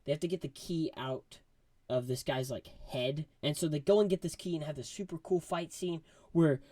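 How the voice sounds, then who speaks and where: Excitable man rambling a movie review. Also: a little high, normal speed, no room sound. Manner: rambling and excitable, with many fillers.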